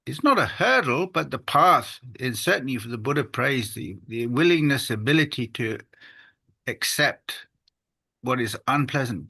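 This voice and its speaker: Bright-voiced guy, earnest, stops and restarts a lot, jokes about himself on a call. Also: medium pitch, vocal fry. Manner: earnest, halting, self-deprecating. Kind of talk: conversational spiritual discussion. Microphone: video call.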